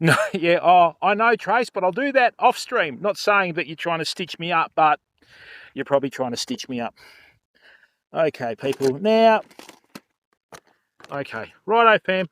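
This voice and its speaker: A man's voice: a little high, lively intonation, a little slow, pauses often, fairly bright tone. An older man hosting a fishing livestream, chatting casually and joking with viewers. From Australia. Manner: chatty, jokey, laughs often, addresses chat by name.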